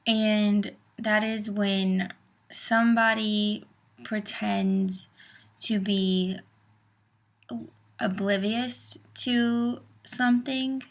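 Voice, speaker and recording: A woman's voice: medium pitch, fairly even intonation, drawn-out words. A young woman vlogger ranting casually to camera, chatty and exasperated, full of fillers.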